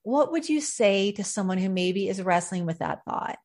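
A woman's voice: medium pitch, expressive, normal speed. Woman, podcast host, reflective, conversational, many fillers. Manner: warm-hearted, reflective, with frequent fillers.

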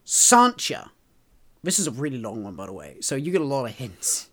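This is a man in casual podcast chat whose tone is playful and animated. He reacts quickly and slips easily into mock protest. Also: medium pitch. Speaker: podcast co-host.

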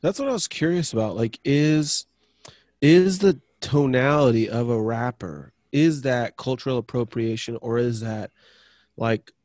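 A man co-hosting a laid-back podcast, rambling through his thoughts and swearing freely as he talks. His voice sits at an ordinary middle pitch. The sound is dry and close, with no room echo. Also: measured pace, darkish tone. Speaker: podcast co-host. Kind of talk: casual chat.

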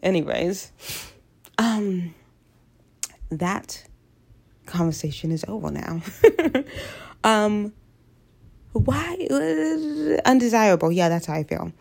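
A woman's voice: lowish voice, animated, slow, vocal fry, pauses often, a little mellow. A woman of twenty with a stuffy head cold, ranting candidly and bluntly to camera, swearing freely as she rambles. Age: 20s. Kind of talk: candid vlog rant.

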